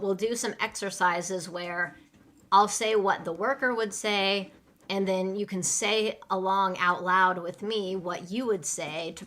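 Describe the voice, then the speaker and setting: Slow, clear woman teaching English. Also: medium pitch, a bit bright. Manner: slow, clear teaching delivery with role-play lines. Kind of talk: live online English lesson.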